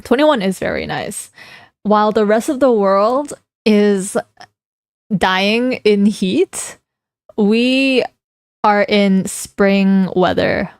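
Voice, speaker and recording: A woman's voice: mid-range voice, slow, pauses often, smooth, no room sound. Young woman streamer, teasing, laughs a lot, mid voice, close and dry. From Canada. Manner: playful, teasing, laughs often while reading chat. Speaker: livestreamer. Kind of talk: casual livestream chat.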